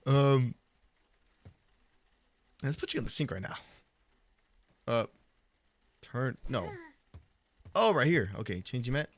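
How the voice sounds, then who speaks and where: Excitable gamer man with a lively voice. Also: measured pace, long pauses. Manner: excitable, laughing, coos at the baby in a high voice. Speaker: gaming YouTuber. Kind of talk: casual let's-play commentary.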